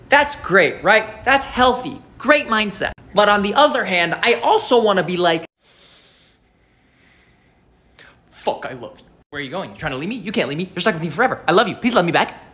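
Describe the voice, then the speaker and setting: A performer doing an in-character monologue to a phone camera as an unhinged, clingy ghost boy, rambling with lots of fillers and dropping into hushed asides. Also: mid-range voice.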